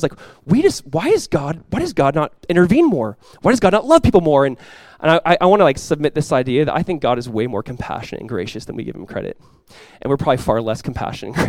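Fast-talking pastor, conversational. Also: male voice, a little high, dry recording. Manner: conversational, self-deprecating, rising to emphatic peaks. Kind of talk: sermon. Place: church.

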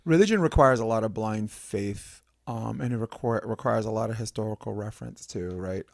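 A man's voice: on the low side, fairly quick, creaky, a little mellow, dry recording, clean studio sound. A man hosting a podcast, musing and rambling in casual conversation, often checking in with "right?". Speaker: podcast host.

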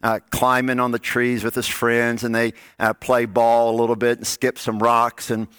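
A man preaching a sermon, telling stories and dropping to soft, low tones on key lines. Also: completely flat delivery, moderate pace, smooth, no echo. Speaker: pastor.

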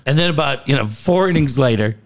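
A man's voice: mid-range voice, fast talker. A man hosting a casual talk show, telling a story full of swearing and acted-out quotes. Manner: profane storytelling, animated quoted voices. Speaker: host. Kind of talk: casual chat.

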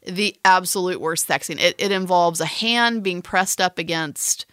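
A woman's voice: lowish voice, measured pace, a bit bright, dry recording, studio quality. A woman co-hosting a podcast, chatty and teasing, rambling through a film plot with restarts. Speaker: podcast co-host describing a film. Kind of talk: casual chat.

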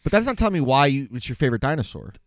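A man's voice: medium pitch, big pitch swings, rapid-fire, dry recording. A man co-hosting a podcast in casual chat, joking and swearing as he asks questions. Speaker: podcast co-host.

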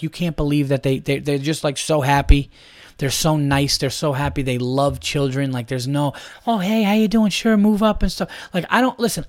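A man's voice: on the high side, no echo, studio quality. A man in his thirties hosting a solo podcast, ranting in a heated, profane, rambling way. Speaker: podcast host.

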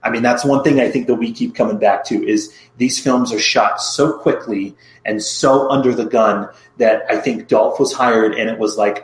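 A man in casual film review chat, measured and wry, with hedging asides. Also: medium pitch, steady tone, reverberant, low-quality recording. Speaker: podcast co-host.

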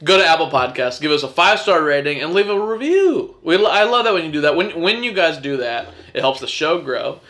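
A man hosting a podcast in casual, rambling chat, laughing often and speaking warmly to his guest. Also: on the high side, sing-song, fairly quick, hardly any pauses. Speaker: podcast host.

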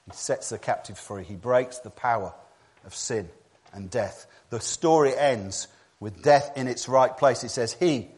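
A man preaching in a church, his voice sitting at an ordinary middle pitch. He moves between quiet, low stretches and loud, emphatic climaxes, often repeating a phrase to drive it home. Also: measured pace. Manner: dramatic, swinging from hushed low passages to loud emphatic peaks. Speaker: pastor. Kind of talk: sermon.

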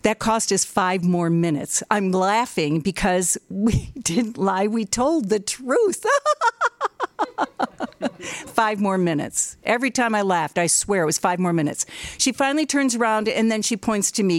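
A woman tells a funny personal story to an audience, acting out sounds along the way. Her delivery is lively and expressive, and her voice sits close and dry, with no room sound around it. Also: medium pitch, a little slow, no room sound. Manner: animated, with sound effects. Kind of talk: told personal story on stage.

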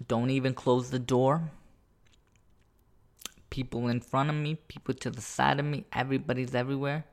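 At normal speed and in a mid-range voice, a man casually tells a rambling, profane story about his own life. He is animated and keeps restarting his sentences.

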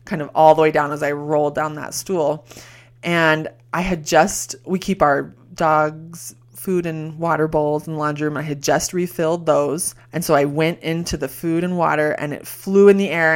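A woman with a notably low, deep-set voice hosts her show and tells a story about herself. She talks casually and chattily, pokes fun at herself and scatters filler words through her sentences. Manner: chatty and self-deprecating, many filler likes. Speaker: podcast host.

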